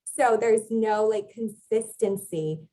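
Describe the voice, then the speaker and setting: In a casual interview on a podcast, a young adult Latin teacher gives long, thoughtful explanations sprinkled with filler words. She speaks slowly in a warm, mid-range voice, captured on a low-quality recording.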